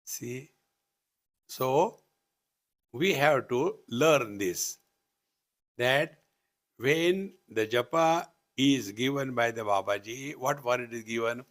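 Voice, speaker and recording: A man's voice: mid-range voice, takes it slowly, pauses often, fairly bright tone. A man with an Indian English accent giving a live spiritual discourse at a retreat, teasing and chanting as he teaches. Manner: playful, teasing asides and chanting. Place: retreat hall.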